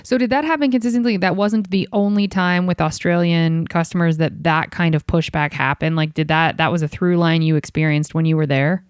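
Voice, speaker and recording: Podcast host cracking jokes between questions, smooth clear voice, dry close sound. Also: mid-range voice, steady tone, dry recording. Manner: quick, joking questions. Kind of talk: casual interview.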